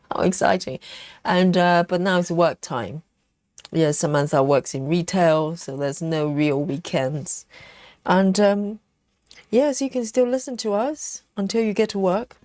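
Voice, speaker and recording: While stitching and snacking on chocolate during a live cross-stitch stream, a chatty woman reads out viewer comments and replies to them. Her voice is on the low side and a little mellow at a measured pace, with clean studio sound and no echo.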